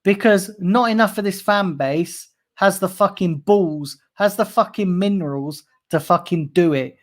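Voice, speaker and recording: A man's voice: high voice, measured pace. A man hosting a fan livestream, ranting angrily and swearing a lot while reading out chat messages. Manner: angry, heavily swearing, repetitive ranting. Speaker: fan channel host.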